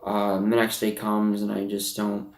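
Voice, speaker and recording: Halting, emotional teen boy in an echoey room. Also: on the low side, completely flat delivery, darkish tone. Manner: halting, with many fillers and restarts. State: sniffly, emotional. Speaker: vlogger. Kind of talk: personal confessional vlog. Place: bedroom at home. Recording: roomy, from some distance.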